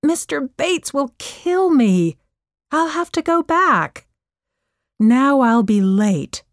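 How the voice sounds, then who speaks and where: Lady reading a restless teen girl, whiny and high, dry close sound. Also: sing-song, takes it slowly, no room sound, full character voice. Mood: frustrated. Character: teenage girl, annoyed and restless.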